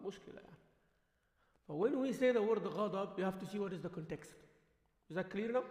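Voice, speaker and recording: A man's voice: high voice, darkish tone. Arabic-accented man teaching in an echoey mosque. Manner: mixes English and Arabic, asks the listeners questions often. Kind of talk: religious lesson in a mosque. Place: mosque hall. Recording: echoey hall livestream.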